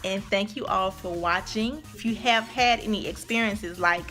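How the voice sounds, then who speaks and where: A woman telling a casual storytime vlog. She tells it in an animated way, acts out the voices of other people and keeps calling her viewers y'all. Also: mid-range voice, moderate pace, faint music behind. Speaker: vlogger.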